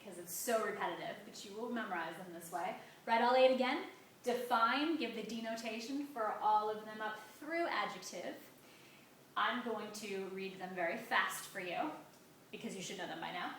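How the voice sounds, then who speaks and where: A woman teacher giving a grammar lesson, stressing key words with slow, drawn-out emphasis. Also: mid-range voice, a bit bright, a little hiss or hum. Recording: echoey room, mic at a distance.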